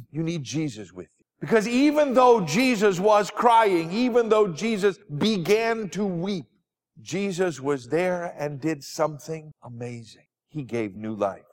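Man, pastor, children's sermon, high voice, animated, long church echo. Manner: animated, sing-song, speaking to children with questions. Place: church sanctuary.

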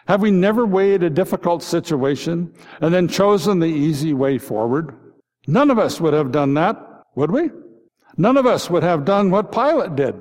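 A man's voice: a little high, a little mellow. A man preaching a Good Friday sermon as a pastor, reflective and posing repeated rhetorical questions. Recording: long reverb.

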